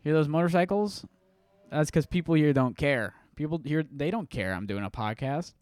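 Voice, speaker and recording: A man's voice: a little high, expressive, normal speed, no room sound, voice pushed up, natural voice. A man voicing a brash, scornful adult male cyclist who rants at the top of his voice. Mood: ranting. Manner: loud, ranting, scornful.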